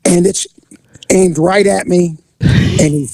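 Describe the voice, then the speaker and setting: A man's voice: sits high, steady tone, slow pace, gravelly, warm tone, dry recording. Blunt, crude storyteller man. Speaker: podcast co-host, former vice officer. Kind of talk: casual storytelling.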